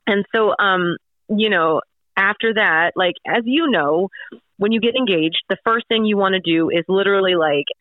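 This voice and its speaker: A woman's voice: mid-range voice, moderate pace, dry recording. A woman telling a personal story in a casual, rambling way with many fillers, heard over a phone line. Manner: rambling, lots of fillers and restarts. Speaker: radio host, guest. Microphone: phone call. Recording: tinny phone line, dry.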